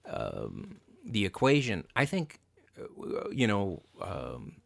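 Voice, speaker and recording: A man's voice: low voice, takes it slowly, creaky, no room sound. A man hosting a casual chat, talking bluntly and profanely, with lots of fillers and restarts. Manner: blunt and profane, animated rants. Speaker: podcast host.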